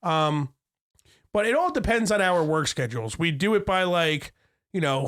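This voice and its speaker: A man's voice: a little high, fairly bright tone. A young man co-hosting a casual comedy podcast, swearing a lot and telling crude jokes and stories. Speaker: podcast co-host.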